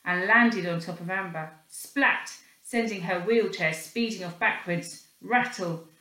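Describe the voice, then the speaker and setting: A woman reading a children's storybook aloud in an expressive, animated way, acting out the sound effects. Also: fairly low pitch, moderate pace, echoey room, rough recording.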